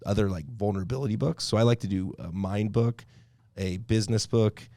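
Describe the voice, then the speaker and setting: Creaky low-voiced man hosting a podcast chat. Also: a little fast, warm tone, no room sound. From Idaho. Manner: rambling, conversational storyteller, many fillers. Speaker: podcast host. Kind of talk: casual interview chat.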